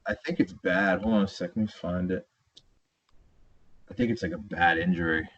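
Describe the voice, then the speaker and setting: Husky, low-voiced man ranting about baseball. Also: brisk. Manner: animated, ranting, says "dude" and "bro". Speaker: podcast co-host. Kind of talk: casual sports chat. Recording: dull lo-fi sound.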